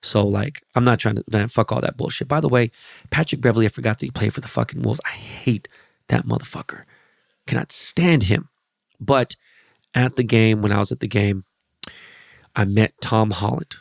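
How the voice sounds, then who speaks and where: A gravelly-voiced podcast host in his forties talks at normal speed and ordinary pitch through a loose, casual monologue. He wanders from point to point, curses openly and keeps his storytelling lively. The close mic picks up no room sound at all.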